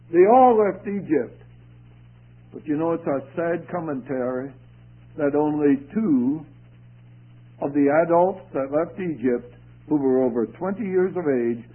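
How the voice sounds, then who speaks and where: A man's voice: fairly high pitch, slightly rough. A man preaching a sermon in an earnest manner, his voice rising and dropping for emphasis. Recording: tinny phone-like radio broadcast.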